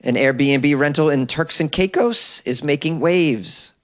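A man's voice: on the high side, measured pace. Joking American man reading odd news. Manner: jokey, laughs at own jokes, sarcastic asides. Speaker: podcast host. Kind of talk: comedic news commentary. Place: small closet.

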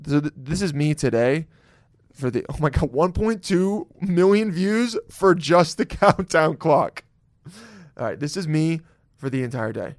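Expressive and measured, the man has a fairly high voice as he casually opens his solo podcast with loose, jokey, profane banter and frequent laughter. The audio is studio quality with no room sound.

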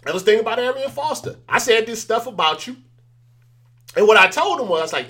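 Animated man with a bright voice. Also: high-pitched, fairly quick. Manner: animated storytelling, acts out quoted exchanges. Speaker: interview guest. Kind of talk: casual interview chat.

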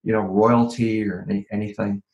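A man's voice: on the low side, little pitch movement, brisk, a little mellow, roomy sound, lo-fi sound. An older man, a guest on a podcast, telling rambling stories from his career with many restarts and fillers. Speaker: guest, former criminal profiler. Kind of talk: podcast interview storytelling.

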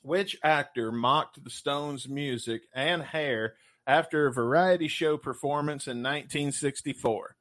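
Loud crude joking man. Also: on the high side. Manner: crude, loud and jokey, with profanity; reads trivia questions out slowly. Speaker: podcast co-host. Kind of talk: casual chat.

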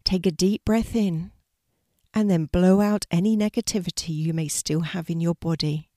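A woman voicing a gentle female guardian angel who speaks softly and patiently in a storybook reading. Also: on the low side, normal speed, dry recording, clean studio sound, close to an everyday voice. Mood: soothing. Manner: soft, patient, advising.

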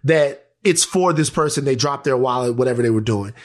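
A male podcast co-host from Louisiana telling a story in casual, animated chat, swearing freely. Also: mid-range voice, fairly quick.

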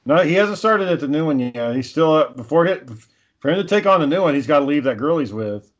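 A man's voice: fairly high pitch, expressive, quick pace, dull audio. A young man telling stories in a casual chat, rambling and swearing, acting out what people said. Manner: rambling storytelling, heavy swearing, acts out quotes.

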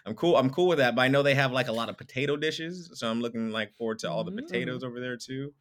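A man speaking as a podcast guest in casual chat, animated, with lots of fillers and some swearing. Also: medium pitch, fast talker, background noise.

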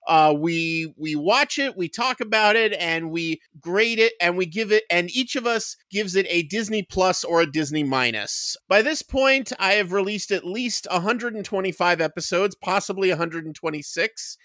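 A man speaking as a guest on a podcast in casual chat, with dry, deadpan jokes. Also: high-pitched, normal speed, few pauses, dry recording.

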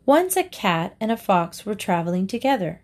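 A woman's voice: medium pitch, sing-song, darkish tone. A woman narrating a series of short fables, reading each story aloud with its moral. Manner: slow, deliberate reading aloud. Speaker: reader.

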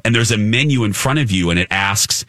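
A man telling an animated story on a talk show, excitable and acting out the voices of the people in it. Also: on the low side, brisk, no echo, studio quality. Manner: excitable, acts out voices in his stories.

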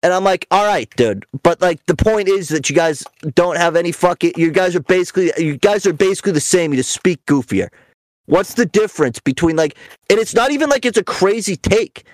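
A man's voice: high voice, expressive, a little fast, no echo. Young male podcast host, swears a lot, rambling mocking rant, dry close sound. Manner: profane, rambling storyteller; mocking, ranting. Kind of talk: casual podcast chat.

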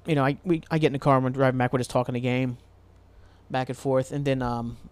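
A man's voice: medium pitch, little pitch movement, quick pace, darkish tone, clean tone. A man from Ohio hosting a casual solo podcast, rambling loosely, swearing freely and laughing at himself. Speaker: podcast host.

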